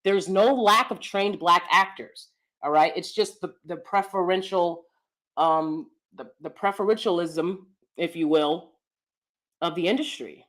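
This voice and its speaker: A woman's voice: on the low side, unhurried, a bit bright. Emphatic American woman lecturing viewers. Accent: American regional accent mixed with neutral speech. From United States. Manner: emphatic, lecturing, repeats points with "okay?". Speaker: commentary vlogger. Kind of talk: opinion commentary to camera.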